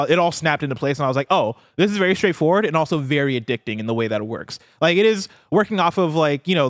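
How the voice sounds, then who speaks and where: Male co-host, somewhat high voice, chatty explainer, dry studio sound. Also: no echo. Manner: rambling, animated explainer. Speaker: podcast co-host. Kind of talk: casual chat.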